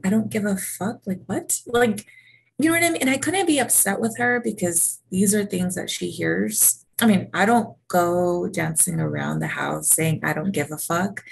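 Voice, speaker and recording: Husky gravelly woman telling lively stories. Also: fairly low pitch, rough recording. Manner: animated storytelling, acts out her kids' voices. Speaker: podcast co-host. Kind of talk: casual chat.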